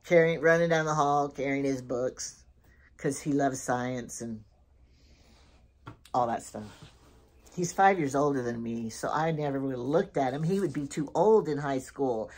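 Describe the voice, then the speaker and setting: A middle-aged woman with a notably low voice talks through her shopping haul in a loose, chatty way. She drifts from one story to the next and loses her thread along the way. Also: a little slow. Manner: rambling, digressive storytelling. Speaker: lifestyle vlogger. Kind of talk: casual shopping haul chat.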